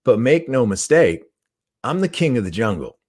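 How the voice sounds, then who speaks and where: A man's voice: medium pitch, big pitch swings, moderate pace, darkish tone. A man voicing a proud caged male lion. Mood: defiant.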